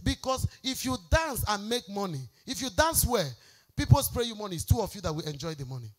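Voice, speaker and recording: A woman's voice: medium pitch, very animated, a little fast. A woman pastor, preaching an emphatic, exhorting sermon.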